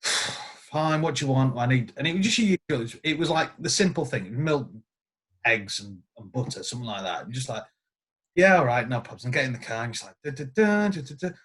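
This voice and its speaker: A man's voice: mid-range voice, brisk. A man, a guest guitarist, telling stories in casual podcast chat and acting out the quotes. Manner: animated storyteller acting out quotes.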